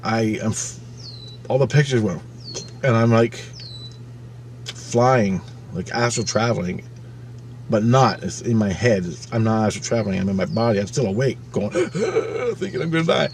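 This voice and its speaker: A man casually telling a personal story, swearing freely and acting out his own panicked thoughts with sudden swings between loud and quiet. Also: lowish voice, normal speed, gravelly, pauses often, a little hiss or hum. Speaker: channel host recounting a personal experience.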